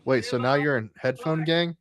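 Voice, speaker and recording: A man's voice: a little high, normal speed, no room sound. A man hosting a casual podcast chat, reacting with slangy, laid-back banter. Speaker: podcast host. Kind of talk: casual chat over video call.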